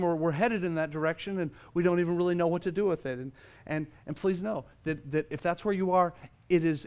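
A middle-aged pastor with a fairly high voice preaches to his congregation in a church. He speaks emphatically, swinging from quiet to loud, and often restarts his sentences as he drives a point home. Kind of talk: sermon. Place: church sanctuary.

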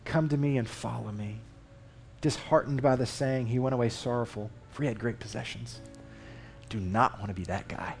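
A man's voice: medium pitch, moderate pace, vocal fry, soft background music. Man preaching a casual sermon. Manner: conversational, emphatic, animated Scripture reading. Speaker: lay preacher. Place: church.

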